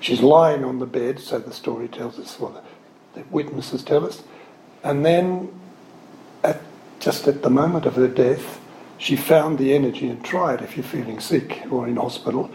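With a warm, mid-range voice at a moderate pace, this Catholic speaker rambles through an anecdotal spiritual talk, often stopping to correct himself. He is earnest and speaks with open emotion about his subject. There's slight background noise, plus a roomy echo and faint ambience.

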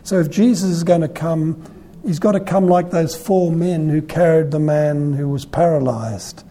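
Husky man preaching. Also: a little high, moderate pace. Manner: conversational, animated storytelling. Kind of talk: sermon on the Gospel.

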